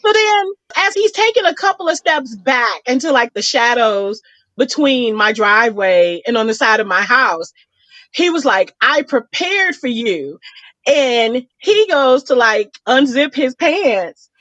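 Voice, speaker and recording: A woman co-hosting a podcast, telling a funny date story in casual chat and acting out each quote with big jumps in pitch. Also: lively intonation, unhurried, fairly bright tone, no echo, muffled recording. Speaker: podcast co-host.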